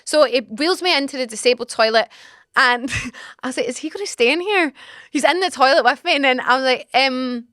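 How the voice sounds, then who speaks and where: An animated young Scottish woman talks through a story on her podcast, exasperated and quick to laugh. Her voice sits a little high and comes across smooth and clear. The studio sound is dry and close. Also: no echo. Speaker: podcast host. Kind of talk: casual storytelling monologue.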